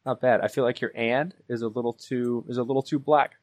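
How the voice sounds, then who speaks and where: A man's voice: medium pitch, steady tone, quick pace, a little mellow, no echo. A man co-hosting a podcast, rambling and teasing. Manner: rambling and teasing, trails into restarts. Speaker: podcast host. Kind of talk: casual podcast chat.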